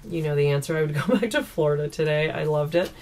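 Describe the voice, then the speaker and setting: Low, darkish and quick-paced, a woman from East Coast Canada answers viewer questions into a camera mic at home. The Q&A is casual, and she giggles as she talks.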